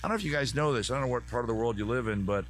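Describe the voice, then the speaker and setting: A man's voice: mid-range voice, rapid-fire, soft background music. A man from the US East Coast hosting a comedy advice live stream outdoors in his backyard, rambling and joking on tangents. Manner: rambling, jokey, riffing on tangents.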